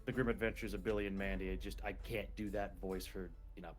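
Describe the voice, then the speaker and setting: A man's voice: low voice, level tone, fast, faint music behind. Chatty man in a casual podcast. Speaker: podcast co-host and player. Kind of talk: casual chat.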